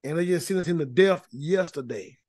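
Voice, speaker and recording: A Bible teacher leads an informal study, preaching in a folksy, emphatic style and often repeating words as he builds a point. His voice is a little high, brisk and a little mellow, with no echo.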